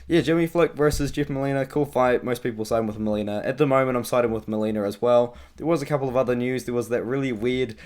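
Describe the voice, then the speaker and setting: A man's voice: medium pitch, steady tone, fast, few pauses, a little mellow. Young male vlogger, mid-range voice, loose rambling delivery full of ums, casual predictions. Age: young adult. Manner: chatty, rambling, frequent ums and uhs. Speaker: MMA vlogger. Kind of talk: casual fight-prediction vlog.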